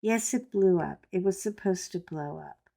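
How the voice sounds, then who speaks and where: A woman's voice: on the low side, normal speed, creaky, mellow. A middle-aged woman chatting casually while she colors, rambling with joking asides. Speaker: coloring vlogger.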